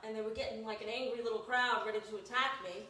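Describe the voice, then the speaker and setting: Brief: expressive middle-aged woman telling a funny story live, distant mic, big reverberant room. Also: fairly high pitch, fast, slight background noise. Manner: animated, acts out voices. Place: performance room. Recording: echoey room from far off.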